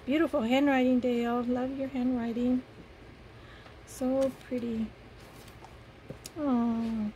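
A woman casually commenting as she unboxes craft gifts, softly gushing over each piece. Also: a little high, flat delivery, slow, long pauses, slight background noise, low-quality recording. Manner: gushing, soft-spoken, admiring each item. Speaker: paper craft vlogger.

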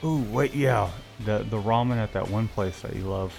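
A man's voice: on the low side, moderate pace, vocal fry, darkish tone, faint music behind. A man co-hosting a casual livestream, joking and greeting viewers by name. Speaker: livestream co-host.

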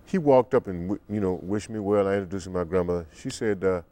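An older man, a musician guest in an interview, telling stories in an unhurried way and acting out the quotes. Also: warm tone, no room sound. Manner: deep, unhurried storyteller who acts out quotes. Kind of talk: relaxed storytelling interview.

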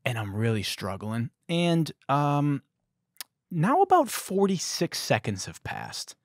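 A man's voice: a little high, takes it slowly, no echo. Guy in his 30s doing a sarcastic comedy monologue, voice jumps around a lot, dry close mic. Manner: sarcastic, animated, puts on voices for quoted people. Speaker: podcast host.

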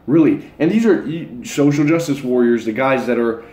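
Young male host, mid-pitched, blunt rambling delivery with slang, recorded in a roomy, echoing space. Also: normal speed, warm tone. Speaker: channel host. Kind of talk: casual monologue to camera. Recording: echoey room.

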